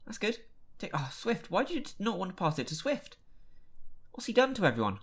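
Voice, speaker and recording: A man's voice: high-pitched, very animated, fairly quick, slightly rough. A man casually commentating his own football management game, chatty and given to exasperated outbursts at what happens. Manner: chatty, reacts loudly to match events with exasperated outbursts. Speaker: gaming YouTuber. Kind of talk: casual Let's Play commentary.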